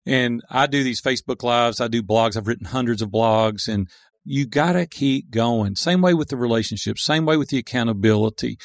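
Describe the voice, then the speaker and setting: Middle-aged entrepreneur guest, gravelly, earnest storyteller, dry studio mic. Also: male voice, mid-range voice, moderate pace, no echo. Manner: earnest, animated storytelling with acted quotes. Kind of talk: conversational interview.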